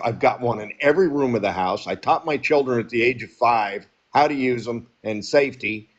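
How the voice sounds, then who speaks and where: A man's voice: medium pitch, highs cut off. A man on a panel call giving blunt opinions. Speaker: panel caller.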